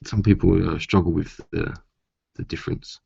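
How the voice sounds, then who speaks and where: Gravelly deep-voiced Englishman vlogging. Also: little pitch movement, moderate pace, dark tone. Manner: rambling, frequent "uh" and asides, swears when riled. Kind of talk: casual chat to camera. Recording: dull lo-fi sound.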